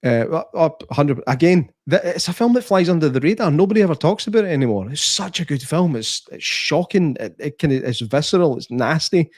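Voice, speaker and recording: A man's voice: fairly high pitch, lively intonation, a little fast, hardly any pauses, darkish tone, dry recording, clean studio sound. A Scottish man co-hosting a podcast, chatting enthusiastically and rambling about films, laughing often. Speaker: podcast co-host. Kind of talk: casual film review chat.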